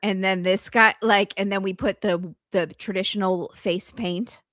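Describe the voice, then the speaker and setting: A woman's voice: mid-range voice, fairly even intonation, fairly bright tone, dry recording, clean studio sound. Wry chatty woman co-host. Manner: wry, chatty, quick asides. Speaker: podcast co-host. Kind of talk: casual chat.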